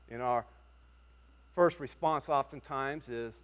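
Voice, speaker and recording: A man preaching a sermon as pastor, earnest and emphatic, with dramatic pauses. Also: high voice, expressive.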